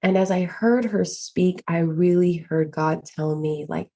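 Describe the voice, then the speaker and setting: A woman's voice: on the low side, steady tone, measured pace, hardly any pauses, warm tone. A woman in her thirties hosting a solo podcast, talking earnestly and emphatically with lots of filler words. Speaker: podcast host.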